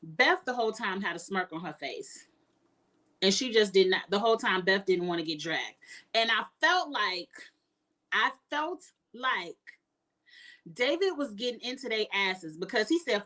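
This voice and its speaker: A woman's voice: medium pitch, animated, normal speed, bright, forceful tone. A woman giving outspoken, emphatic casual commentary as a reality TV reviewer.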